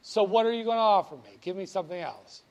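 This finance lecturer, a man with a strikingly high voice, moves at a quick pace through his classroom lecture. He stays animated throughout, cracking jokes, teasing students and quizzing them.

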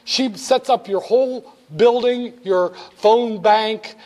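High-voiced, jokey male instructor. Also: measured pace, few pauses. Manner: jokey, animated, talks straight to students. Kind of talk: classroom lecture.

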